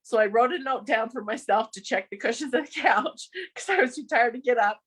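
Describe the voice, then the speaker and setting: Woman, podcast guest, higher pitch, earnest, emotional storytelling. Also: a little fast, husky. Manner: emotional, earnest, laughs through grief. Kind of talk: personal storytelling.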